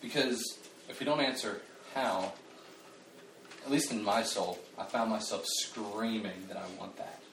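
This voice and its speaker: Guy preaching casual, lively and chatty, lots of restarts, echoey room, mic kinda far off. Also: lowish voice, measured pace, slight background noise. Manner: animated, conversational, self-deprecating, with frequent restarts and fillers. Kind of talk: casual sermon. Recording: roomy, distant mic, faint ambience.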